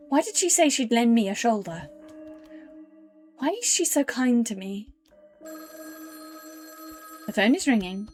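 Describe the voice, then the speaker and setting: A woman's voice: a little high, animated, measured pace, pauses often, darkish tone, soft background music. A woman streaming a game live, reading its text aloud and chatting to her viewers between lines. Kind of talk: live game playthrough commentary.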